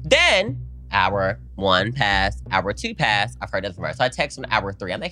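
A man co-hosting a podcast, telling a story in casual chat and acting out the people in it. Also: moderate pace. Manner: animated, acts out quotes with big pitch jumps. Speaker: podcast co-host.

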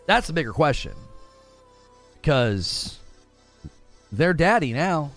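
A man's voice: on the high side, sing-song, slow pace, pauses often, a bit bright. A man with a slightly raised voice delivers a heated, opinionated rant. He talks casually, doubles back on his words and presses his points hard. Faint music plays underneath. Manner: emphatic, heated, repeats words, mocking quoted voices. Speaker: gaming commentator.

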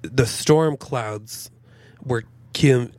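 A man co-hosting a podcast, improvising a comic story in a crude, rambling, deadpan way. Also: medium pitch, drawn-out words, no echo. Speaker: podcast co-host.

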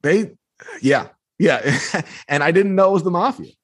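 A man in his fifties, from the New York area, telling a personal story with lively delivery as an interview guest. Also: fairly high pitch, a little slow, dry recording, clean studio sound. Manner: lively, acts out quotes in the story. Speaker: guest author. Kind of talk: anecdotal storytelling.

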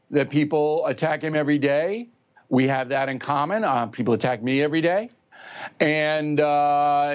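A man's voice: fairly high pitch, highs cut off. An older man in his seventies giving blunt, emphatic political commentary in a talk show interview, mocking politicians by mimicking them.

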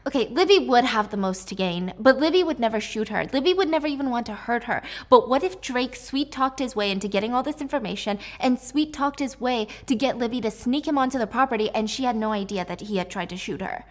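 A woman's voice: fairly high pitch, animated, brisk. Chatty young woman recapping a story. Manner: chatty, filler-heavy, slangy asides. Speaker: book recap creator.

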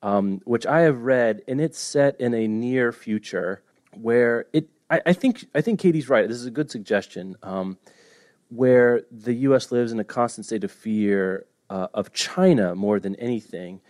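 A man's voice: mid-range voice, measured pace, a little mellow, no room sound, clean studio sound. A man co-hosting a podcast about books, chatting casually and joking at his own stumbles over names. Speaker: podcast co-host. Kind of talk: casual chat.

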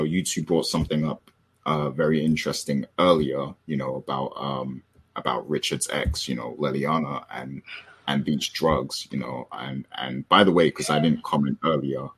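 A man's voice: rumbling low, a bit bright, breathy edge. A man hosting a casual TV recap chat, steering the talk and asking his co-hosts for their views, with many fillers. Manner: leads the talk, prompts co-hosts, frequent fillers. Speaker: podcast host.

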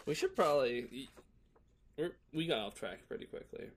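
A man's voice: mid-range voice, animated, moderate pace, a little hiss or hum. A man co-hosting a podcast in casual chat, teasing and laughing often. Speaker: podcast co-host.

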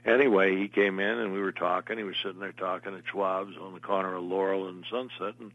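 A man's voice: low voice, fairly even intonation, quick pace, dry recording, narrow, tinny audio. An older man, an actor, telling long meandering stories as an interview guest. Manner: meandering anecdotal storyteller. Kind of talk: casual interview storytelling.

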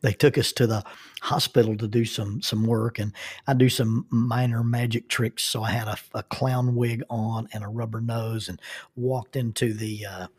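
A man's voice: mid-range voice, fairly even intonation, moderate pace, a little mellow, husky, no room sound, clean studio sound. A middle-aged man with a Southern accent, telling folksy, self-deprecating travel stories with laughter. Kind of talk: casual storytelling.

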